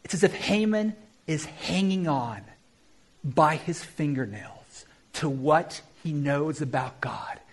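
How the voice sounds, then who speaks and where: A man preaching a sermon, addressing the church with emphatic rises and quiet, drawn-out phrases. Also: on the high side, expressive. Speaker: pastor.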